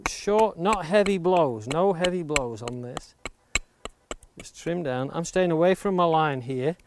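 A man's voice: on the high side, unhurried. Man explaining axe carving step by step. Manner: steady, explains each step aloud and stresses safety. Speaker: woodcarving instructor. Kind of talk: hands-on demonstration tutorial. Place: outdoors near the coast. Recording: clear background noise of chopping and clicks. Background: axe chops and clicks.

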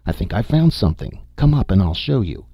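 A man reading an audiobook, voicing an eager, nearsighted male archaeologist with an excited, curious delivery. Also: low-pitched, fairly quick, breathy edge, dry recording, highs cut off, full character voice.

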